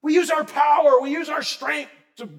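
A man preaching a sermon in a conversational way, quizzing the congregation and swinging between loud and soft. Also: very high voice, fairly even intonation, moderate pace. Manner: asks the congregation questions. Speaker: pastor.

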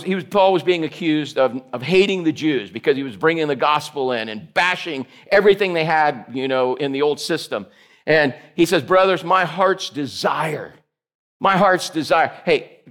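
A man's voice: fairly high pitch, a bit bright. A man preaching a casual, joking sermon to a small group, teasing listeners by name. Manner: jokey, teasing listeners by name, playful asides. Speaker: pastor.

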